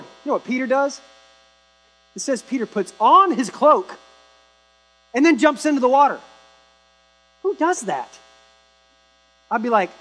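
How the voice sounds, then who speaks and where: A man's voice: very high voice, lively intonation, unhurried, long pauses, fairly bright tone, poor audio. A man preaching a sermon in a conversational way, acting out dialogue from the passage he tells. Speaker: pastor.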